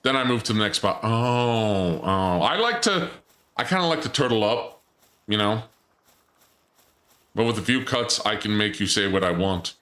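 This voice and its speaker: A man casually chatting and rambling as he plays a video game, jokingly calling himself a dark lord. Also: on the low side, moderate pace, roomy sound. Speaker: game streamer. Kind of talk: casual gameplay commentary.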